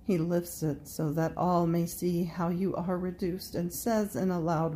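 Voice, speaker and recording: A woman reading a devotional meditation in a slow, prayerful way, speaking directly to Jesus. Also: fairly low pitch, level tone, mellow. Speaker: devotional reader.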